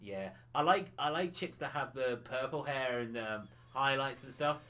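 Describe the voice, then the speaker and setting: A man's voice: mid-range voice, moderate pace, a bit bright. A man streaming a retro game, rambling cheekily and laughing often. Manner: giggly, rambling, cheeky banter with frequent laughs. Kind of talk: casual livestream chat while playing.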